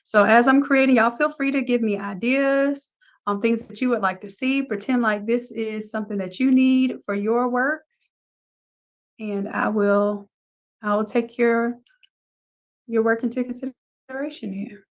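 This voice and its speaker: A woman's voice: a little high, fairly even intonation, measured pace, highs cut off. Chatty woman teaching a live design class. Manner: casual, chatty, talks through each step. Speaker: design instructor. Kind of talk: live screen-share tutorial.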